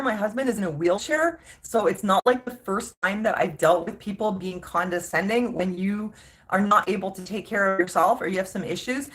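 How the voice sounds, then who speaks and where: Woman vlogger, mid-pitched, exasperated casual rant with emphatic stress. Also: fairly bright tone. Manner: exasperated, emphatic, many restarts.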